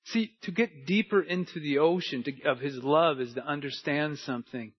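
A man preaching a sermon with a somewhat high voice that moves between a quiet, intimate hush and loud, emphatic passages. The recording is dull and lo-fi, with the top end muffled. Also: moderate pace, few pauses, slightly rough. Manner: preaching with wide swings from hushed to emphatic. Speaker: pastor. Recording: dull lo-fi sound.

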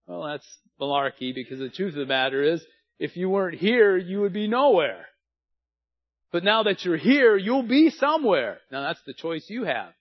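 A man's voice: sits high, animated, moderate pace, lo-fi sound. A man in his sixties, a pastor, preaching a sermon in earnest, plain, folksy words. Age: 60s.

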